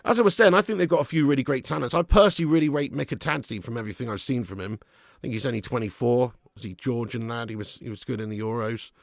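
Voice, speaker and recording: A man's voice: medium pitch, fast talker, gravelly, hardly any pauses, no room sound, clean studio sound. A man hosting a live football watch-along, chatting and bantering with viewers. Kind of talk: live casual match commentary and chat.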